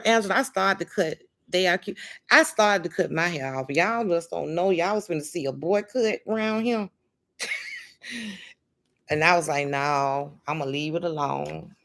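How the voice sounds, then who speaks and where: This is a woman, chatting to viewers on a live stream. Her voice sits a little low. She talks emphatically and fondly, leaning on honey and baby as she speaks into her phone or webcam. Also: a bit bright. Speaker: livestream host. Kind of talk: casual livestream chat.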